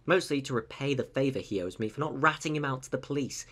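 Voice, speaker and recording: A man's voice: medium pitch, fast talker, fairly bright tone. A man hosting a video, narrating history with jokey, sarcastic asides. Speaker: video host. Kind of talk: comedic educational narration.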